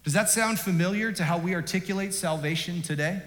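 A male pastor delivers an emphatic, animated sermon in a slightly high voice. His words bounce around a large church hall. A long tail of reverb follows each phrase. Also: brisk. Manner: animated, emphatic, varies loudness.

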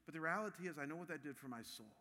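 A man in his fifties from Ohio, preaching a sermon with animated, personal storytelling. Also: a little high, racing, big-room sound. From Ohio, USA. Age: 50s. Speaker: pastor.

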